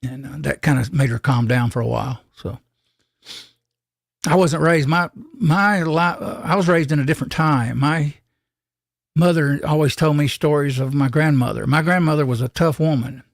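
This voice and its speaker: A man's voice: a little high, normal speed, gravelly, no room sound, studio quality. An older man, hosting a casual live stream and telling rambling, folksy stories with frequent restarts.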